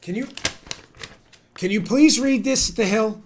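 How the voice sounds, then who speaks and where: Host, male, 40s, American, high-pitched and heated, indignant political commentator. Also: a little slow, long pauses. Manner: heated and indignant, rising to near-shouting. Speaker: podcast host.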